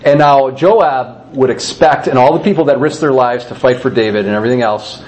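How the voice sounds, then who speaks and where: A man's voice: mid-range voice, brisk, rough recording. Man retelling a Bible story. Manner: animated storytelling with readings. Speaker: Bible teacher. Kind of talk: casual Bible teaching.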